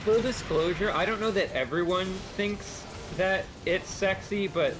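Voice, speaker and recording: Male co-host, lively anecdote teller, higher voice, game music behind. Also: unhurried. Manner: animated storyteller who mimics people. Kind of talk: casual storytelling chat.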